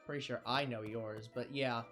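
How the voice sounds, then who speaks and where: Brief: male game streamer, bright ringing tone, quick giggly banter, reads chat aloud. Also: mid-range voice, steady tone, soft background music. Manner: laughing, self-interrupting, reads chat aloud. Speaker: stream co-host. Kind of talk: casual gaming stream banter.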